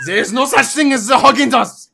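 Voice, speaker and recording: A man's voice: high-pitched, big pitch swings, normal speed, fairly bright tone, slight background noise. A man voicing a pompous German-accented businessman with a put-on German accent, ranting and indignant. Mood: outraged ranting.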